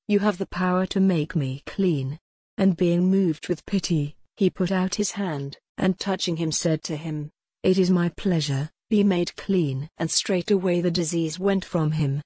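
A woman giving a steady, measured reading of Bible passages, pausing deliberately between phrases. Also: lowish voice, breathy edge, no echo, studio quality. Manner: steady, even-paced reading with deliberate pauses. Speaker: scripture reader.

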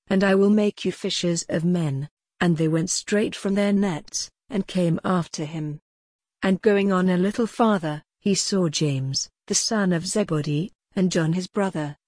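A woman reads scripture in a slow, unhurried cadence, her voice a little low and soft with breath. The sound is close and dry, with no room around it. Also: breathy edge, no echo. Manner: steady, even-paced reading with deliberate pauses. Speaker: scripture reader. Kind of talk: measured Bible reading.

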